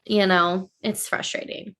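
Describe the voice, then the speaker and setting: A woman's voice: mid-range voice, level tone, measured pace, a bit bright, smooth. A woman co-hosting a podcast, chatting casually and animatedly about an episode, laughing easily and swearing now and then. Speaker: podcast co-host. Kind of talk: casual recap chat.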